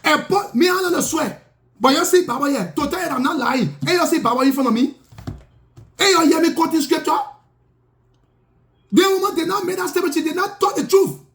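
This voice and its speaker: A man's voice: very high-pitched, a little fast, pauses often, fairly bright tone. A self-styled prophet, a man, telling his grievances in an indignant, repetitive monologue with broken grammar. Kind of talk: impassioned spoken monologue.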